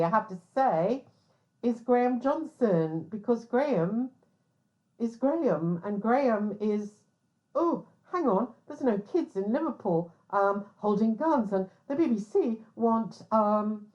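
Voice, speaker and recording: A woman from England, a private investigator talking in a chatty, sardonic monologue. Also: medium pitch. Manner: chatty, sardonic, animated storytelling. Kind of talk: casual monologue. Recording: slightly dull lo-fi audio.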